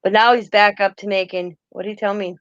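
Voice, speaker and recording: A woman's voice: medium pitch, fairly even intonation, brisk, dry recording. Brief: middle-aged woman, chatty host, rambles and self-corrects; slightly dull, dry recording. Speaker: host of a crafting chat. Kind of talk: casual chat.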